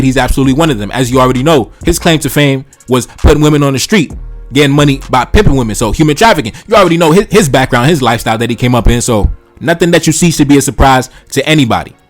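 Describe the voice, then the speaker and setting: Fast-talking blunt man over faint music. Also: medium pitch. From Haiti. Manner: blunt, profane, repeats "bro" and "man". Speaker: channel host reacting to tweets. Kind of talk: reaction commentary.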